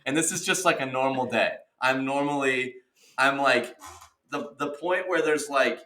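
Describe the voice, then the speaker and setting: A man in his twenties co-hosting a podcast, telling stories in a casual, excitable way with laughter and exaggeration. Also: mid-range voice, moderate pace, slight background noise. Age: 20s. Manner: excitable, exaggerated retelling with laughter and mild cursing. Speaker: podcast co-host. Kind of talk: casual chat, animated storytelling.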